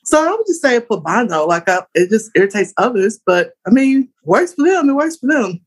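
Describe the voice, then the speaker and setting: A woman's voice: a little high, sing-song, fairly quick, breathy edge. A chatty woman on a casual panel, thinking aloud as she gives her opinion. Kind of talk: casual group chat.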